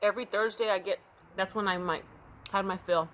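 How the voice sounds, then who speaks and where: A woman's voice: medium pitch, steady tone, brisk, fairly bright tone, slight background noise, rough recording. A woman co-hosting a casual chat, a mother who teases and cracks wise. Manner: teasing, wisecracking. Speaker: co-host, mother.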